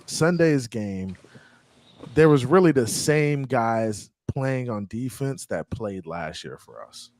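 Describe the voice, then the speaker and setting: A man's voice: medium pitch, animated, slow pace, a little mellow. A man hosting a casual chat in an upbeat way, often repeating himself. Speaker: host.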